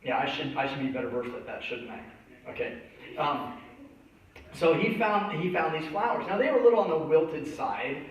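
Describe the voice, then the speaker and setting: A man's voice: on the high side, expressive, normal speed. A man preaching a sermon, telling a childhood story and acting out the voices in it. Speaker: pastor. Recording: echoey church hall from a distance, dull sound.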